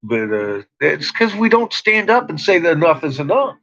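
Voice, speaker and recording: Hosting a late-night livestream, a man with a fairly high, slightly bright, very animated voice rants profanely at his chat at a moderate pace, often breaking into laughter. The stream audio is dull and lo-fi.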